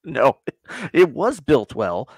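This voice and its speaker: A man, a guest on a casual reaction chat, rambling as he retells scenes and drops into quick quoted voices. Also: fairly high pitch, wildly swooping pitch, darkish tone, breathy edge, no room sound.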